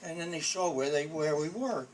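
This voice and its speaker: A man's voice: a little high, normal speed, slight background noise, poor audio. A man in his eighties, a war veteran, telling wry memories in a chuckling, anecdotal way. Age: 80s. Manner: chuckling, wry storyteller, often breaking into laughter. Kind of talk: anecdotal storytelling.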